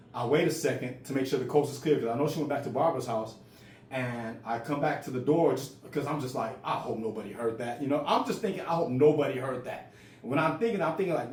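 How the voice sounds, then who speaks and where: A man in his forties tells a personal story casually and rawly, stuttering and repeating words. His voice is on the high side with a darkish tone. The recording sounds roomy, with faint ambient noise in the background.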